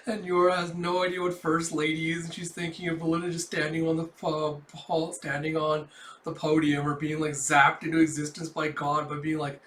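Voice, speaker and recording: A man hosting a casual manga reading and reaction, animated and laughing often. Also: fairly high pitch, moderate pace. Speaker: host. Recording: roomy, mic at a distance.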